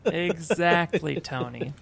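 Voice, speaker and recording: A man co-hosting a podcast rambles through crude, joking stories in loose banter. His voice sits a bit high for a man and carries a gravelly fry. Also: slow, a bit bright, slight background noise. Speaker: podcast co-host. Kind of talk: casual banter.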